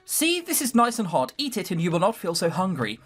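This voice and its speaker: A man voicing a kind, proper young girl fallen on hard times, speaking in an earnest, gentle, prim way. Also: high voice, wildly swooping pitch, brisk, slightly rough, exaggerated voice.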